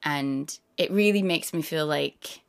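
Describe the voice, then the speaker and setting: Low creaky-voiced woman telling stories. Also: measured pace. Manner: animated storyteller, slips into quoted voices. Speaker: guest actor. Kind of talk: casual interview chat.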